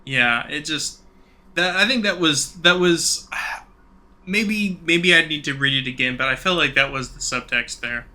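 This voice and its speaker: A man co-hosting a podcast, talking casually about a book in a measured, hedging way. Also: fairly high pitch, bright, forceful tone. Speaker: podcast co-host.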